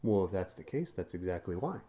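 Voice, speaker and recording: Man, put-on southern drawl, fairly low voice, playful, laughs easily, casual podcast chat. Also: sing-song, a little fast, warm tone. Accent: put-on American Southern drawl. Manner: playful, laughs, explains at length. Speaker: podcast co-host.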